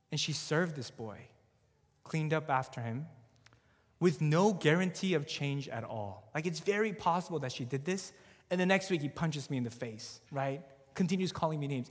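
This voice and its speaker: A man's voice: fairly high pitch, moderate pace. Young male youth pastor, twenties, chatty sermon storyteller acting out dialogue, long hall reverb. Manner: conversational, animated, acts out quoted dialogue.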